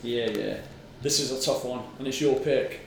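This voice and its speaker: A man's voice: medium pitch, moderate pace, creaky, a little hiss or hum. A man co-hosting a podcast, reading out football picks in casual, teasing banter with a bit of swearing. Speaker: podcast co-host. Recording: very echoey room.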